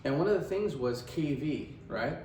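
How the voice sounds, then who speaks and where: A man's voice: fairly high pitch, expressive, moderate pace, mellow, reverberant, far from the mic, slight background noise, rough recording. A man teaching radiography in a casual lecture style, often checking in with "right?". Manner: chatty, asks "right?" often. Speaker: radiography instructor.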